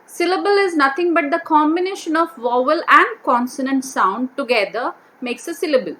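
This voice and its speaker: Woman teacher, high voice, bright tone, repeats words, sounds out syllables slowly. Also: lively intonation, slight background noise. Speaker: English teacher. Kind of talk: explaining a vocabulary worksheet.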